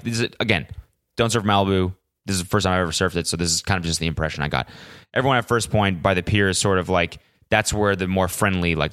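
A man's voice: deep voice, fairly bright tone, clean tone, no echo, studio quality. Casual, profane young man podcasting solo. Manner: casual, profane, rambling with frequent fillers. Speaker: podcast host.

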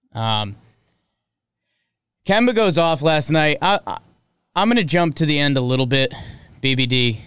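A young man hosting a casual sports talk livestream, chatty and joking, with sudden energetic bursts. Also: mid-range voice, clean tone, no echo. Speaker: sports show host.

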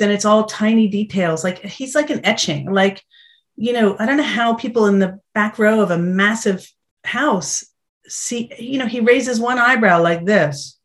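Animated woman telling stage stories. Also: a little high. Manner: animated storytelling, acts out quotes. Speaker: actress guest. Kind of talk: casual interview chat.

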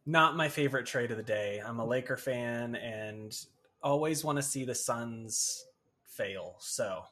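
Relaxed male podcast guest. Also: medium pitch, a little slow. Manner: relaxed, lots of "like" and "right?". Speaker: guest, author and agency founder. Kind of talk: casual interview chat.

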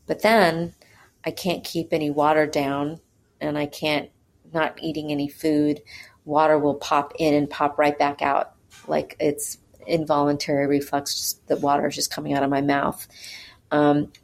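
A woman with a low voice tells a personal story in a candid, earnest way. She pauses often and fills gaps with small hesitations, so it sounds unscripted. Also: slight background noise. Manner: hesitant, with frequent pauses and fillers. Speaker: mother telling her birth story.

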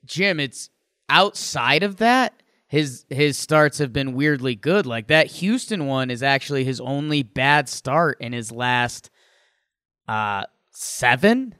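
A man's voice: mid-range voice, lively intonation, slow, bright, forceful tone, clear, resonant tone, no echo, clean studio sound. A young man co-hosting a podcast, chatting casually about a baseball game with playful emphasis. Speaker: podcast co-host. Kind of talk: casual sports chat.

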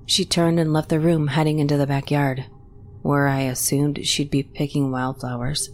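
A woman reading a first-person horror story in a steady, measured way. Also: low-pitched, slight background noise. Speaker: story narrator.

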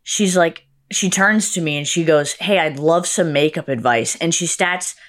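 A young woman with a low voice, telling a story in a relaxed chat. She acts out other people's lines and swings her pitch up high for them. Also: normal speed. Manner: animated, acts out quotes with big pitch jumps. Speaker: guest.

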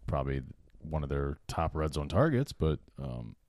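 Deep, dry-witted podcast co-host. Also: male voice, very animated, normal speed, darkish tone, no room sound. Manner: dry, teasing, low-key. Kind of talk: casual sports podcast chat.

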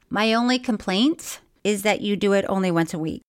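A woman with a medium-pitched voice talks at a moderate pace while co-hosting a casual, chatty podcast. She laughs often and reads listener mail aloud, putting quirky emphasis on odd words.

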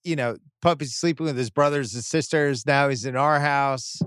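A man's voice: medium pitch, moderate pace, clean tone, no room sound. A middle-aged man hosting a sports podcast, telling a long home story in casual chat and acting out what people said. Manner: animated storytelling, acts out voices in quotes. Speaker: podcast host. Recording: dry close studio mic.

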